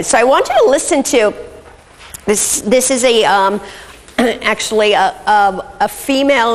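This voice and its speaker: A woman's voice: medium pitch, in a large hall. A woman giving a recorded lecture as an instructor, methodical and often checking in with "okay".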